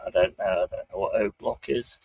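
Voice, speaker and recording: A man's voice: sits low, fairly even intonation, fairly quick, heavy background noise. A man from England with a Bristol accent, hosting a live stream and chatting casually with a guest while reading out chat comments, in a joking, laid-back way. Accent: Bristol English. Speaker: stream host. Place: home streaming setup.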